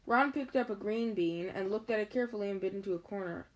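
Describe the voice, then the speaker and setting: A woman's voice: mid-range voice, fast talker. A woman reading a children's book aloud at home pace, her voice sitting in a middling register. She reads casually, tripping over words and correcting herself as she goes. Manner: chatty, stumbling over words and restarting. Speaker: reader. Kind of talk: casual read-aloud of a storybook.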